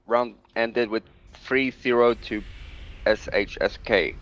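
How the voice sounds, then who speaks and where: A man's voice: medium pitch, fairly even intonation, slow pace, fairly bright tone, muffled recording. A man co-casting a live game match, giving brief, matter-of-fact updates on the action. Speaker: co-caster and referee.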